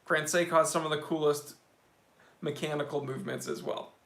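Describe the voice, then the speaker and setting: Excitable guy on a watch livestream reading chat, high sharp voice, echoey room. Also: fairly quick, gravelly. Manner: excitable, joking, talks to chat as bro. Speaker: watch channel host. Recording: roomy echo.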